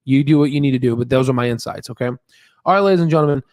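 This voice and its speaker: A man's voice: medium pitch, quick pace, a little mellow, no room sound. Emphatic man, dry close sound. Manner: emphatic, repeats words, many fillers and tag questions. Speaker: stock market channel host. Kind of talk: casual stock analysis talk.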